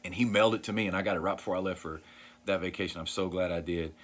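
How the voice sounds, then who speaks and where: Brief: low-voiced man, earnest video host, rambles a bit with lots of ums. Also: fairly even intonation, racing. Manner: earnest, rambling, many fillers and restarts. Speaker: Christian vlogger sharing book recommendations. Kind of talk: casual talk to camera.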